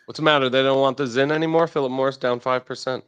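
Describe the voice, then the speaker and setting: Brash, excitable male market host. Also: mid-range voice, quick pace, clear, resonant tone, no echo, lo-fi sound. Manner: brash, profane, excitable trader banter. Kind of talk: casual market chat.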